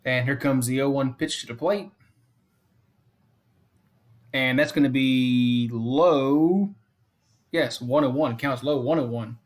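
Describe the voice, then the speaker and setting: A man's voice: takes it slowly, pauses often. Man calling fan play-by-play. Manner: repeats the count and score often; chats to viewers between pitches. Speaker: fan stream host. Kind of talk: casual play-by-play commentary.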